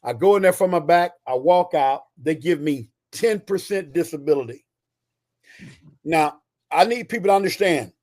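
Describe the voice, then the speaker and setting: A retired Army Ranger and author in his sixties tells stories as a guest, talking fast with emphatic energy. His voice is a little high, a little mellow, and animated.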